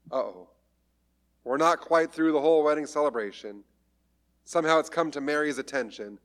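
Chatty preacher, a man with a slightly high voice. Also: fairly bright tone. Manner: conversational storytelling with light humor. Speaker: pastor. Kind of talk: sermon.

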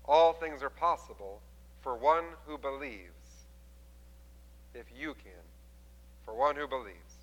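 A man preaching a sermon, retelling a scripture story with lively voices for the people in it. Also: medium pitch, takes it slowly, long pauses, long reverb tail, low-quality recording. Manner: animated storytelling, acting out quoted voices. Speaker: pastor.

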